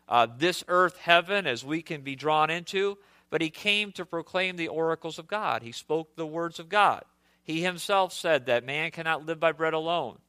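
A man's voice: on the high side, sharp tone, no echo. A middle-aged male pastor preaching a sermon earnestly, often restarting and repeating his phrases.

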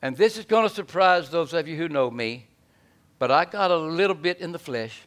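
A man preaches in a folksy, animated style. His voice sits fairly high for a man. He swings from loud bursts to hushed asides. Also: normal speed. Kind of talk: sermon.

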